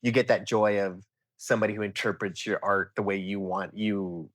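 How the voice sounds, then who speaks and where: A young man telling stories in a casual interview, animated and full of fillers, acting out what people said. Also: lowish voice, normal speed, no room sound, clean studio sound. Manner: animated storyteller, acts out quotes, many fillers like "like" and "um". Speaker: podcast guest, toy photographer.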